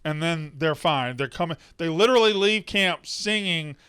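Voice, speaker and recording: A man co-hosting a film review podcast in casual, animated chat. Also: on the high side, moderate pace, smooth, dry recording, clean studio sound. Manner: animated, acts out film lines in loud mimicry. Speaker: podcast co-host. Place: studio.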